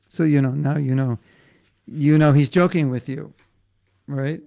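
A man's voice: medium pitch, fairly even intonation, normal speed, gravelly, warm tone. A middle-aged man, a spiritual teacher, giving a devotional class in a casual, joking, conversational way.

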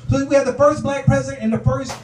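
A man's voice: very high voice, fairly even intonation, fast, over music. A male stand-up comedian doing his set on a club stage, talking in a conversational, punchy way. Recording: echoey club from far off.

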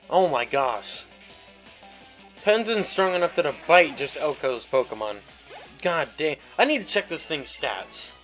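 A man's voice: a little high, fairly bright tone, poor audio. Chatty man commenting on his gameplay. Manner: chatty and jokey, swears freely. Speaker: let's play host.

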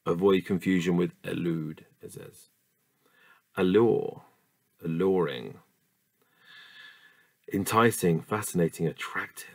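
Slow, gravelly, deep-voiced man reading. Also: dry recording. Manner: reads word lists slowly with asides and musing. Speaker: reader of a dictionary. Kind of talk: casual solo reading.

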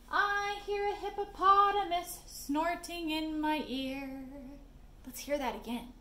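A woman reading a picture book to children, singing its refrains in a slow, gently playful sing-song voice. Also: very high voice, expressive. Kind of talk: sung storybook read-aloud. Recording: roomy echo, faint background hiss.

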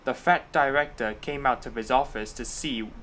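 A man's voice: medium pitch, normal speed, a bit bright, slight background noise, poor audio. A man reading a children's railway story aloud as the narrator.

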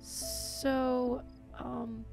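A woman's voice: sits high, little pitch movement, extremely slow, gravelly, darkish tone, soft background music. A woman streaming a game live, chatting casually to herself and her viewers, joking and teasing as she plays. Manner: chatty, talks to herself and chat, jokes with viewers. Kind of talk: casual gaming commentary. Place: home streaming setup.

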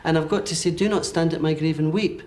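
Man, medium's reading, fairly high voice, faint hiss behind, halting and checking in. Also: steady tone, darkish tone. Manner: hesitant, relays messages in bursts with many okays. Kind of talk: giving a one-to-one reading.

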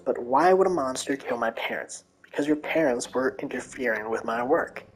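A woman voicing a scheming old male asylum doctor who speaks in a calm, smug, condescending manner. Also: very deep voice, normal speed, poor audio. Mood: cold.

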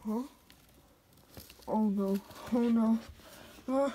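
A woman's voice: high-pitched, animated, unhurried, mellow, slight background noise. A woman acting out a toy adventure, voicing several characters with hesitant fillers and repeated words. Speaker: toy play narrator.

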